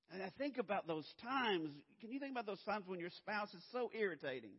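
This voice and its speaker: A man preaching a sermon as pastor, swinging from hushed low lines to loud, urgent emphasis. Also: expressive, fairly quick, hardly any pauses, breathy edge. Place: church sanctuary. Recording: dull lo-fi sound, long hall reverb.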